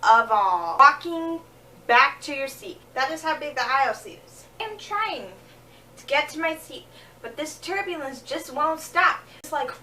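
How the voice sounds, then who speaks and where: A young woman telling comic travel stories in a vlog, acting out scenes, a little jet-lagged and low on energy. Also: normal speed, far from the mic, a little hiss or hum. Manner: animated, acting out scenes with quoted voices. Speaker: vlogger. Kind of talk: comedic storytelling vlog.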